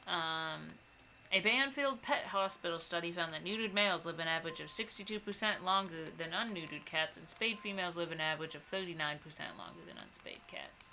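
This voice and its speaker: A woman's voice: fairly low pitch, sing-song, brisk, vocal fry, sharp tone, a little hiss or hum. A woman co-hosting a casual gaming stream, reading viewer comments aloud and swearing casually. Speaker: co-host reading chat. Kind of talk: casual chat while gaming.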